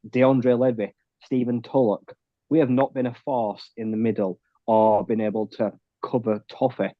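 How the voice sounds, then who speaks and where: A man's voice: mid-range voice, no echo, narrow, tinny audio. A man giving blunt, opinionated takes on a podcast panel, swearing freely. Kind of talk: casual chat.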